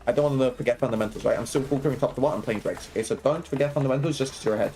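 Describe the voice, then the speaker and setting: This live gameplay commentary comes from a young man with a warm, medium-pitched voice over a little hiss or hum. Coaching as he streams, he rapidly explains each move, checks in with "right?" and "okay?", and jokes and laughs with his chat.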